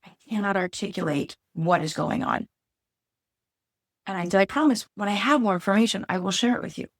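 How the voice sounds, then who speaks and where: A woman's voice: medium pitch, fairly quick, no room sound, clean studio sound. A woman co-hosting a podcast in casual, heartfelt chat, talking candidly and openly emotional, often searching for words. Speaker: podcast co-host.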